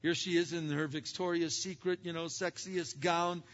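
A male preacher delivering an emphatic sermon, swinging from loud exhortation to hushed asides. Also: on the high side, steady tone, moderate pace. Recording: dull sound with long hall reverb.

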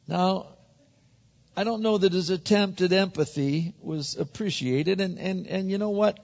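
A man's voice: high voice, measured pace, gravelly, a little mellow. A male pastor preaching a conversational sermon, often repeating words as he builds to a point. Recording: muffled sound with long hall reverb.

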